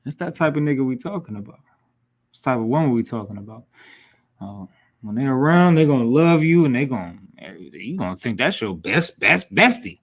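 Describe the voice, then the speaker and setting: A man's voice: medium pitch, expressive, a little fast. Blunt, scolding male scripture teacher. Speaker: class instructor. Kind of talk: preaching scripture lesson.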